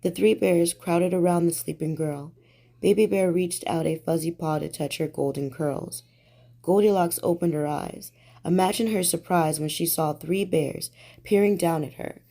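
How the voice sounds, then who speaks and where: A woman reading a bedtime storybook aloud in a gentle, soothing way. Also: on the low side, fairly even intonation, normal speed, vocal fry.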